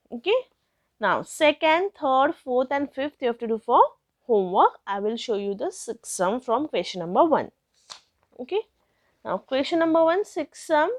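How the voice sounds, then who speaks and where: High-voiced woman maths teacher. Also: dry recording, studio quality. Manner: patient, asks questions then answers them. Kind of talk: step-by-step classroom lesson.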